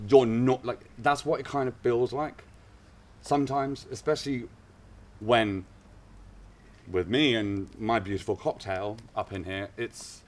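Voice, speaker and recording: A man's voice: on the low side, recorded from a distance. A man co-hosting a casual mental health chat, rambling and playful in manner. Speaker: co-host.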